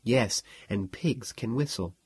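Male narrator doing a defiant young woman student: husky, dry, coolly sardonic. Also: mid-range voice, slow pace, darkish tone, no room sound. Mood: hushed, sardonic.

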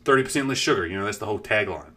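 A man's voice: fairly low pitch, expressive, very fast, pushed and bright. A man streaming and chatting casually, rambling with lots of fillers and swearing while acting out what people said. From New Zealand. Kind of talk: casual chat.

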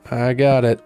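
A gaming YouTuber offers casual, rambling Let's Play commentary while playing a video game, talking playfully to himself. His voice is mid-range with a dark tone.

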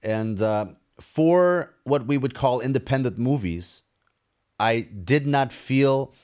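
A man's voice: mid-range voice, lively intonation, slow, darkish tone. A man hosting a casual podcast interview, chatty and enthusiastic, with frequent fillers. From Portugal. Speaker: podcast host.

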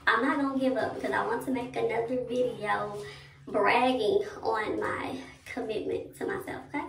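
A woman's voice: fairly high pitch, fairly even intonation, moderate pace, vocal fry, fairly bright tone, slight background noise. A young woman in casual vlog talk, chatting straight to her followers. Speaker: vlogger. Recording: echoey room, voice a bit far from mic.

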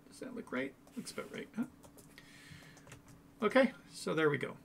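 A man's voice: sits high, sing-song, normal speed, creaky, a bit bright, slight background noise. A man casually walking through code on a screen share, chatty and thinking aloud as he corrects himself. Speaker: coding tutorial host.

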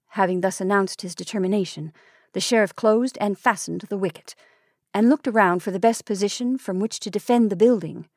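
A woman reads a story in a calm, measured way. Her voice sits at a middle pitch. The sound is dry and close. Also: no echo. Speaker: storytelling podcast host. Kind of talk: scripted narration.

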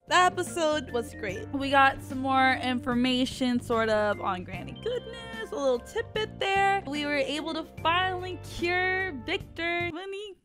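Brief: woman reaction streamer with a high voice, slow, slangy, quick to swear, cartoon music loud behind her. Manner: excitable, swears freely, slangy. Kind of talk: casual reaction commentary. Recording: cartoon audio playing loudly behind. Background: cartoon soundtrack music.

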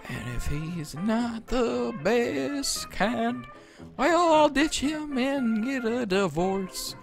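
A woman's voice: on the high side, very animated, extremely slow, creaky, music in the background, heavily acted. A woman voicing a crude, melodramatic, man-hungry mother in a survival game, with a theatrical, sing-song delivery.

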